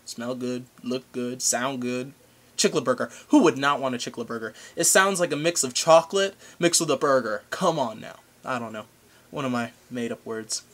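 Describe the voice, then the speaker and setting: A young man vlogging a comedic rant to camera, rambling and goofy, with random outbursts. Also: medium pitch.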